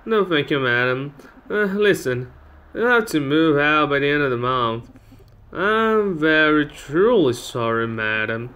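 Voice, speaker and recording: A man's voice: fairly high pitch, animated, a little slow, bright, forceful tone, clean tone. A man voicing a reluctant young debt collector in a stiff, formal, apologetic way.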